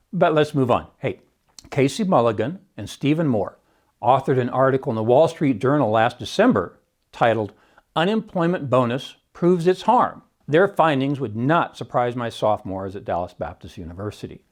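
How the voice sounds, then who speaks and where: A man's voice: medium pitch, a little mellow. A man, an economics professor, giving prepared podcast commentary in an emphatic way, often opening points with "See," and adding wry asides.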